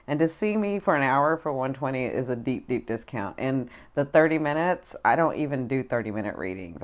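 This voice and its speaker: A woman with an unusually deep voice chats casually as a tarot reader. She is effusive and gushing, repeats herself and fills her talk with ums. She sounds middle-aged. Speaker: spiritual advisor and tarot reader. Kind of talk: casual tarot chat to camera.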